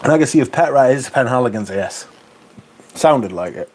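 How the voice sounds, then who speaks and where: A man's voice: medium pitch, expressive, moderate pace, darkish tone, a little hiss or hum. A man with a Northern English accent hosting a livestream, chatting casually and reading out viewer comments with dry banter. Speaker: livestream host.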